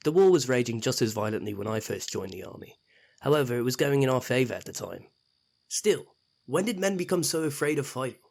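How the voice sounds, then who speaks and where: A man's voice: medium pitch, animated, a little fast, creaky. A man playing a stern, weary army commander. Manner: authoritative, weary, curt. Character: stern middle-aged male army commander.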